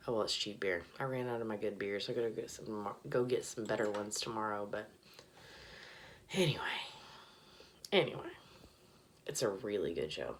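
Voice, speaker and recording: A woman's voice: rumbling low, slight background noise. A tipsy woman rambling casually and profanely in a bathroom, often dropping to a mutter. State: tipsy, slurring a little. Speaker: vlogger.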